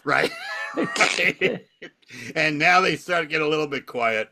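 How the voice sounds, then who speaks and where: An older man, a comedy magician, telling a lively backstage anecdote in casual conversation and acting out the lines of the people in it. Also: fairly high pitch, a little fast. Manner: animated anecdote telling with acted quotes. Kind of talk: casual storytelling.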